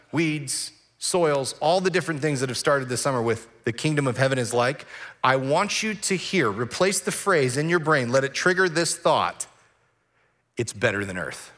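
A pastor preaching a sermon, animated and acting out the voices of grumbling people. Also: male voice, a little high. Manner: animated, acts out voices of complainers.

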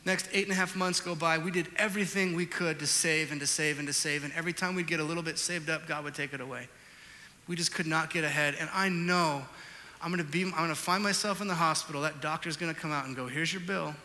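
A man preaches a sermon in a high, piercingly bright voice, carried by the long reverb of a big hall. He tells his story animatedly, jumping from loud outbursts to hushed, reflective passages. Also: fairly even intonation, fast. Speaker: pastor.

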